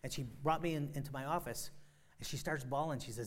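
A middle-aged man preaching a sermon as pastor, emphatic, with sudden loud rises and soft drops. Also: medium pitch, a little fast, slight background noise.

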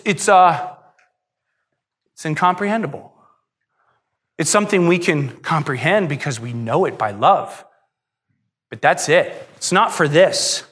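A man preaching a sermon as pastor, emotional, moving from hushed, tender passages to soaring, impassioned ones. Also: medium pitch.

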